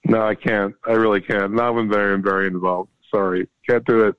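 A man's voice: lowish voice, level tone, a little fast, smooth, dry recording, phone-quality sound. A man, a former congressman, chatting as a podcast guest and telling jokey stories with asides. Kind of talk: casual podcast banter.

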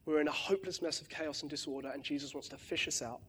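A man preaching a conversational sermon, often checking in with "right?" and restarting his words, with lively bursts of emphasis. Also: fairly high pitch, fast, a little hiss or hum.

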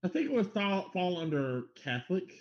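A man chatting on a podcast with a bouncy, higher-than-usual voice that swings a lot. He is animated and swears often. The recording sounds dull and lo-fi. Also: normal speed. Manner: animated, swears, acts out quotes with laughs. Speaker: podcast co-host. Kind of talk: casual chat.

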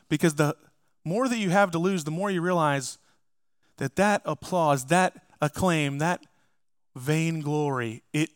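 A man's voice: high-pitched, normal speed, fairly bright tone, no echo. A man preaching a sermon as pastor, emphatic and speaking straight to his congregation. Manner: emphatic, addresses the congregation directly.

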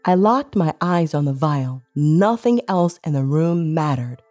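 A woman's voice: low voice, animated, unhurried, mellow, soft background music. A woman narrating a tense first-person action story in a dramatic, scripted audiobook reading.

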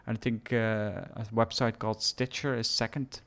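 This podcast co-host's voice is on the low side, fairly bright in tone, with flat delivery at a moderate pace. He makes casual conversation while gaming, sounding hesitant, filling gaps with "uh," and laughing easily.

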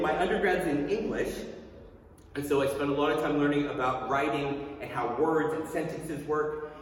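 A man in his thirties preaching a sermon as a pastor, conversational and emphatic, with rhetorical questions to the congregation. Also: fairly high pitch. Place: church sanctuary. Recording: echoey hall from far off, faint ambience.

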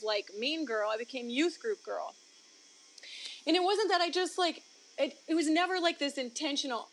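A woman's voice: high-pitched, a bit bright, slight background noise. A woman sharing her personal testimony as an interview guest, talking candidly and expressively, her voice leaping up for emphasis and breaking into laughs between points. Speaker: interview guest, ministry founder.

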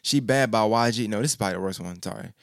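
A man's voice: lowish voice, rapid-fire, vocal fry, no echo, studio quality. A man hosting a podcast, chatting casually as he reviews an album, stuttering often and repeating himself in loose slang. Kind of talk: casual music review chat.

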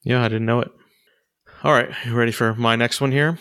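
A man's voice: medium pitch, steady tone, a little fast, fairly bright tone. A man co-hosting a casual movie chat, rambling with lots of fillers and restarts. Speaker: podcast co-host reviewing movies.

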